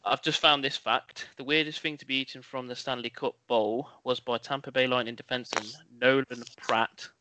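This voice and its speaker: A man's voice: mid-range voice, steady tone, moderate pace, sharp tone. A man co-hosting a casual podcast, chatty and jokey in his banter. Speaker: podcast co-host. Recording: dry, close sound.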